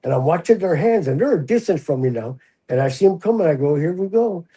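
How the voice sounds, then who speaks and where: A man's voice: a little high, animated, fast, mellow, breathy edge, rough recording. An older man, a retired prison officer, tells a story in a casual interview and acts out the voices he quotes.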